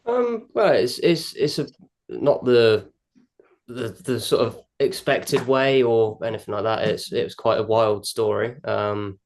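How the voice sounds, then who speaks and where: A man's voice: mid-range voice, lively intonation, unhurried, a little hiss or hum. A man with a southern English accent, a guest on a podcast, speaking modestly with many stumbling restarts. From southern England. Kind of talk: casual podcast chat.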